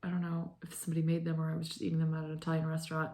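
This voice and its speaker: Chatty young woman w a low gravelly voice, rambling on with lots of likes and ums on her knitting vlog. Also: completely flat delivery, very fast, mellow. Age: 20s. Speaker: knitting podcast host. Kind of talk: casual chat.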